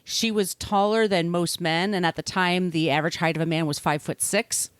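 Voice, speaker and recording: A woman's voice: on the low side, fairly even intonation, fairly quick, smooth, dry recording. Chatty woman telling a true-crime story. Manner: chatty, swears freely, laughs often. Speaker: podcast host.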